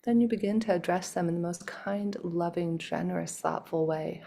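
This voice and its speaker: A woman speaking as a guest over a video call, her lowish voice carrying a gravelly fry. She shifts from lively, laughing stories to hushed, slow guidance through breathing. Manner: slows into soft guided breathing instructions; animated, laughing storytelling. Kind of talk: casual interview talk. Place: home, in Toronto.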